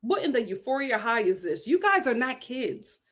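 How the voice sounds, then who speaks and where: A woman talks animatedly and bluntly as a vlog host, recapping a show with plenty of sass. Her voice sits a little high. Her delivery stays casual and opinionated. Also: very animated, normal speed, fairly bright tone. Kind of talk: casual reality-TV recap commentary.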